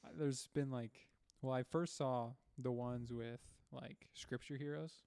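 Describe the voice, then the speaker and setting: A man's voice: medium pitch, fairly even intonation, unhurried, vocal fry, warm tone, clean tone, no echo. A young man co-hosting a casual podcast chat, laid-back and joking, laughing often. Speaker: podcast co-host.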